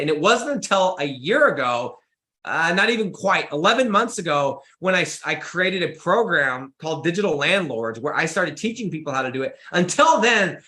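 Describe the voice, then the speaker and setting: A young man hosting a podcast, delivering an excitable motivational monologue with lots of emphatic repetition. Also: a little high, reverberant. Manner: excitable, emphatic, repeats words when pumped. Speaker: podcast host.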